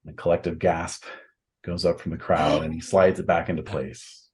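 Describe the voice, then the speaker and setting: A man with a very low voice runs a tabletop game, painting each scene in loose, halting narration. He keeps stopping on "um" and "you know" as he builds the picture for his players. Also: level tone, a little mellow. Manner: descriptive, halting with fillers, acts out voices. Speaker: game master.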